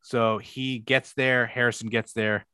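A young man talking loosely on a podcast, mid-pitched and unhurried in his rambling. He swears freely and slips into quoted lines as he retells a story. The sound is dry and close. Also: level tone, bright, forceful tone, clean tone, no room sound. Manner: rambling recap with profanity and quoted asides. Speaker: podcast co-host. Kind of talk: casual chat.

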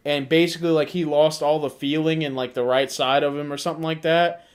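A man with a fairly high voice chats casually and swears freely. He tells his stories with animated, acted-out quotes. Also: fairly quick, clean tone. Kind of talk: casual chat.

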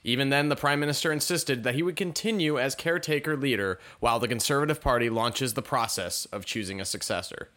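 Talking fast and barely pausing, a man with a somewhat bright mid-range voice runs a casual news commentary show. He reads articles aloud, headline first, then riffs sarcastically.

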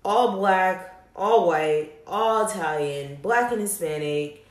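A young woman with a fairly low voice talks candidly, cursing freely and telling stories with lively emphasis. The sound is roomy, with a noticeable echo around her. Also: slow. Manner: blunt, profane, animated storytelling. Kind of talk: casual candid chat.

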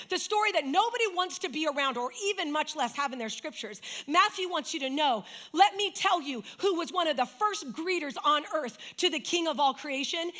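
A woman preaching a sermon with passion, sinking to a soft hush when she retells a story. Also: high-pitched. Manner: impassioned, dropping to a soft hush for dramatic retellings. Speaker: speaker. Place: church.

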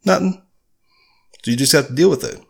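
A man hosting a solo podcast, talking in a blunt, candid way with casual swearing and slow, deliberate phrasing. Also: a little high, creaky, breathy edge. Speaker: podcast host.

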